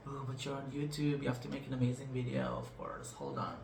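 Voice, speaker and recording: Fast and level, with vocal fry in a mid-range voice, a man vlogs frankly about his personal healing, rambling emotionally, repeating himself, trailing off, and teasing viewers a little. The recording is echoey with a noisy background.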